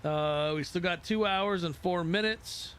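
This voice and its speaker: A man chatting casually on a live flight sim stream, his voice sitting a little higher than most men's. He rambles from one thought to the next and pokes fun at himself along the way. A faint hiss of noise stays underneath. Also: a little slow, fairly bright tone. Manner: rambling, self-mocking asides.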